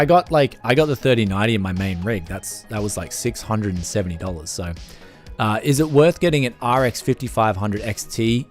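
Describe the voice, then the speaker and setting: Aussie guy rambling on a tech livestream, jokey, pitch all over the place. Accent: Australian. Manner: animated and jokey, with frequent restarts and fillers. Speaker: host of a tech live stream. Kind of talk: casual live-stream chat.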